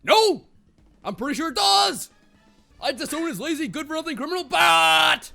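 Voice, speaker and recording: American guy doing a screaming drill sergeant, bright harsh voice, lots of creak. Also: sits high, expressive, normal speed, faint music behind, voice pushed up, heavily acted. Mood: furious. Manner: yelling, insulting, barking questions. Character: harsh male military drill instructor, bullying.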